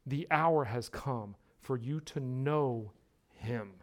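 A male pastor preaching a sermon, stressing his points by repeating words and swinging between hushed lines and loud ones. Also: mid-range voice, slow.

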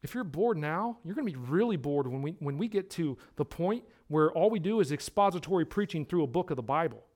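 A male pastor preaching a sermon, stressing his points by repeating words and swinging between hushed lines and loud ones. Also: a little high, animated, a little fast, few pauses.

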